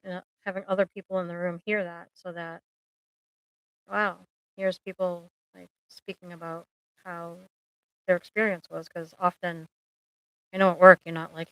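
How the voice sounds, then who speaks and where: A middle-aged woman therapist talks on a live stream in a loose, joking, rambling way, full of ums. Her voice sits fairly low and sounds smooth and resonant. The close mic is dry, with no room sound. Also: flat delivery, brisk, a bit bright, dry recording, rough recording. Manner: chatty, rambling, humorous, many ums. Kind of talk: casual live-stream chat.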